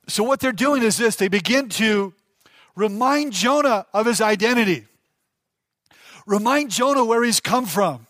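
A pastor delivers a sermon in a fairly high-pitched male voice, pressing his points with emphasis and repeating key lines straight to the congregation. The sound is dry and close, with little room echo. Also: a bit bright. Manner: emphatic preaching, repeats key phrases, addresses congregation directly.

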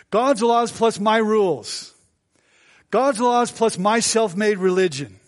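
Pastor, male, high voice, funny storyteller preaching to his congregation. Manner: storytelling, joking, asks the congregation. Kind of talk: sermon.

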